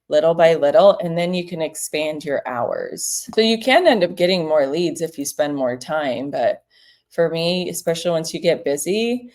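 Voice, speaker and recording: A woman hosting a relaxed, chatty livestream from her home office, giving real estate advice and acting out phone calls in little voices. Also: low voice, normal speed. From South Florida. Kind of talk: casual livestream advice chat.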